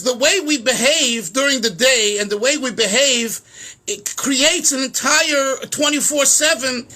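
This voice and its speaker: A middle-aged rabbi giving an informal class, animated and repeating words, mixing in Yiddish and Hebrew terms. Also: male voice, very high-pitched. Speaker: rabbi teaching Chasidus.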